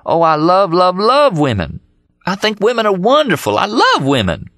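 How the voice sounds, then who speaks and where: A man narrating an audiobook voicing Dean, a manic, excited young man who boasts and yells. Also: lowish voice, dry recording, studio quality. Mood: ecstatic. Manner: exuberant yelling, rapid storytelling.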